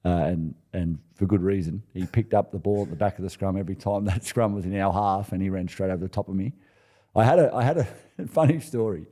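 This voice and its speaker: A man in his forties with an Australian accent, a former rugby player telling stories in a relaxed podcast interview, often restarting and chuckling. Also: low-pitched, fairly quick. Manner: laid-back, chuckling anecdotes with many restarts. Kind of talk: casual storytelling interview.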